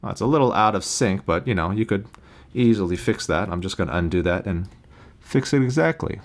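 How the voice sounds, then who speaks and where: A man teaching how to use music recording software in a plain, practical screen-recorded tutorial, recorded on a USB interface mic. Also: low voice, lively intonation, fairly quick, a little hiss or hum. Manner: plain, practical explaining with sung beep demos.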